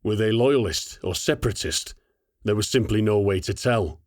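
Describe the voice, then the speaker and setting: Brief: low, measured male audiobook narrator, dry close mic. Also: no room sound.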